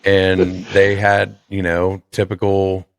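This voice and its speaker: A man's voice: low voice, monotone, takes it slowly, no echo. A man hosting a podcast, reacting in a casual, amused way. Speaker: podcast host. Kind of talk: casual chat.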